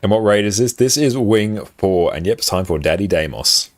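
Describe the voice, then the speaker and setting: A man's voice: fairly low pitch, normal speed, no room sound. An Australian man from South Australia, chatting casually with his viewers while he plays a game, reading out their questions and laughing easily. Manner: relaxed, chatty, reads out chat and laughs easily. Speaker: live streamer. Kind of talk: casual chat while gaming. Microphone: desk microphone.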